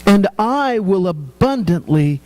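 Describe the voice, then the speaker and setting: An excited, welcoming God calls out eager invitations in a raised, lifted voice, as a preacher acts him out. Each call is unhurried and drawn out, stretching the words. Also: male voice, sits high, heavily acted, rough recording. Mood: inviting.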